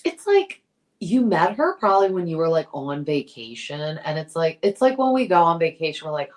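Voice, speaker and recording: A woman's voice: low-pitched, sing-song, normal speed. A woman guest on a podcast, chatting casually and gossiping, acting out quotes with many fillers. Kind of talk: casual chat.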